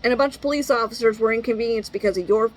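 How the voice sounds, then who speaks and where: Middle-aged woman, fairly high voice, venting, exasperated, blunt, swearing. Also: very fast, low-quality recording. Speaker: parent venting. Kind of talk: venting monologue.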